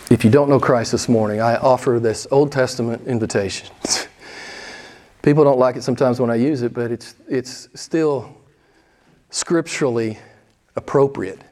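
A man preaching a sermon as pastor, emphatic and pressing questions on his listeners, with sudden excited rises. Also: medium pitch, normal speed, long pauses. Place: church.

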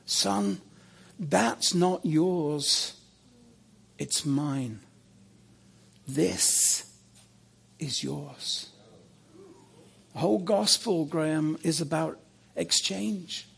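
A preacher putting on the voice of Jesus in a dream, a man's voice that presses the same demand again and again. It comes fairly high and slow. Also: creaky, husky, heavily acted. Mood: soft tender. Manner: insistent, repeating demands; soft and tender when gentle. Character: Jesus confronting a man in a dream, stern then tender.

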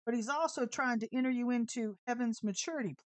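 Sassy woman preaching, higher voice. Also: fast, no room sound. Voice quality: brash, sassy, emphatic. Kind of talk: informal online sermon with storytelling.

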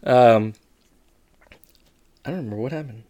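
A man's voice: medium pitch, normal speed, lo-fi sound. A man co-hosting a podcast, casually recapping a TV episode and playfully acting out characters' lines. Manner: relaxed, jumps into quoted lines with comic emphasis. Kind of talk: casual chat.

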